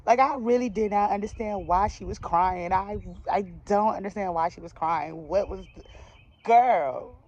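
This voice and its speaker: A woman's voice: mid-range voice, normal speed, darkish tone, highs cut off. A young woman from the DMV area telling a personal storytime to her viewers in a chatty, slangy way with laughing asides. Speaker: vlogger. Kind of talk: casual storytime.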